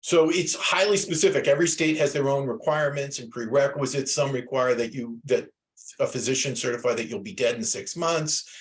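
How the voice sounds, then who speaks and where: A man's voice: mid-range voice, a little fast. An older man teaching a class, talking loosely with many fillers and restarts. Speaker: instructor. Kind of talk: class lecture.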